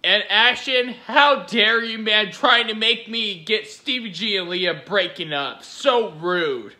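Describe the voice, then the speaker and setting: A man's voice: sits high, slow, sharp tone. A man giving giggly, rambling reaction-video commentary, gushing over what he watches.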